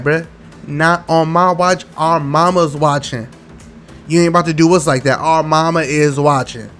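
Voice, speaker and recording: A man hosting a casual sports recap show, talking in a slangy, animated way and addressing his viewers directly. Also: a little high. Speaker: sports podcast host.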